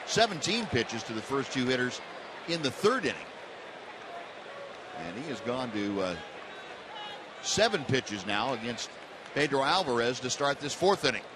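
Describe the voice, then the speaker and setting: A male baseball play-by-play announcer calling the game in a relaxed, conversational way with frequent fillers, over stadium crowd noise. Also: mid-range voice, normal speed, pauses often. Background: ballpark crowd.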